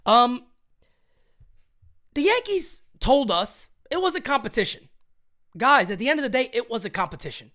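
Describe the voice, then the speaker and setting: A man hosting a fan sports livestream, hyped and chatty, rattling off shout-outs with frequent restarts. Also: very high-pitched, big pitch swings, normal speed, long pauses. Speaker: livestream host. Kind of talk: energetic fan livestream talk.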